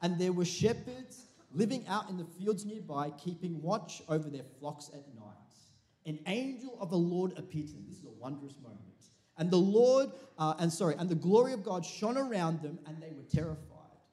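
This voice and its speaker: A man's voice: sits high, big pitch swings, moderate pace, dark tone, breathy edge. A man preaching a sermon to a church congregation, in a chatty, joking manner with frequent restarts. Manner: chatty, jokey, self-interrupting preaching. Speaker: pastor.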